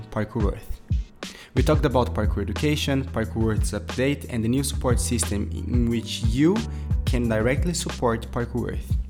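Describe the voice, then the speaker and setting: A man hosting a podcast, chatting in a friendly way and laughing easily. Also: medium pitch. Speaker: podcast host. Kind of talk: casual podcast interview. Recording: faint music and machine hum.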